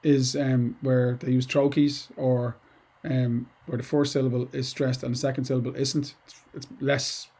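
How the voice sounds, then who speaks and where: In a level, dark, mid-range voice, a middle-aged English teacher talks at a moderate pace with hardly any pauses. His casual poetry lesson to students drifts through many asides and restarts.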